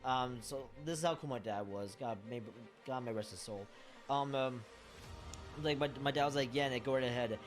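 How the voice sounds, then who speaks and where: Man rambling in an excited fan vlog, fillers and swearing, soft music behind. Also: medium pitch, normal speed. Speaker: fan sharing memories. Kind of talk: casual monologue vlog.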